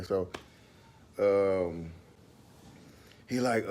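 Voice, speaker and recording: A man hosting a casual livestream, telling stories in an animated, profane way and laughing often, speaking into a phone. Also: on the low side, unhurried, pauses often, slight background noise.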